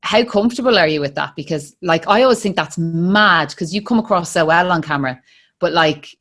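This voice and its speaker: A woman's voice: fairly low pitch, fairly bright tone. A woman hosting a podcast interview, chatty and casual with the odd swear. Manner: chatty, swears casually, quick to laugh along. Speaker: podcast host.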